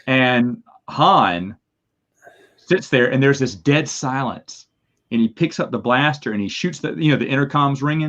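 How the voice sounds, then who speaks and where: A man in casual podcast chat, telling the story animatedly and acting out his reactions with sudden high yelps. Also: fairly bright tone. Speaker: podcast co-host. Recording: slightly dull, lo-fi sound.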